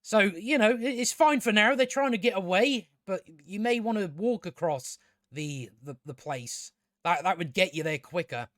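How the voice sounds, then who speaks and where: A man's voice: high-pitched, lively intonation, normal speed, fairly bright tone, no room sound, clean studio sound. A man reviewing a TV episode in a rambling casual recap, sarcastic and profane, stumbling over restarts. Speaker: video reviewer.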